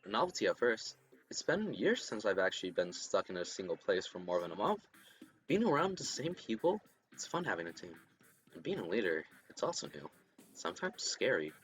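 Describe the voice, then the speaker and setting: A man voicing a serious young woman student and team leader who speaks in a measured, formal way, with faint music behind. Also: lowish voice, big pitch swings, fairly bright tone, pitched below the performer's own voice.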